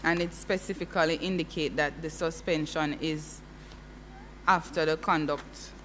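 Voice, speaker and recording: A woman's voice: deep voice, steady tone, unhurried, a bit bright. A woman in a large hearing room reading draft legal clauses to a committee, careful and formal, correcting herself as she goes. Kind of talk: reading legislation aloud and explaining it. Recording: hall reverb with faint hum.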